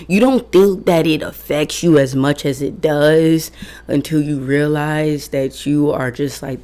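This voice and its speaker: A young woman in her twenties with a notably low, deep voice speaks straight to her viewers. She talks in a candid, emphatic way, swearing freely as she gives casual self-help advice. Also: a little mellow. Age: 20s. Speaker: vlogger.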